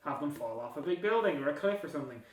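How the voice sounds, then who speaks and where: A man's voice: fairly high pitch, expressive, racing, recorded from a distance. A man hosting a casual film podcast, rambling and laughing as he talks. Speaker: podcast host. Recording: echoey room, off-mic.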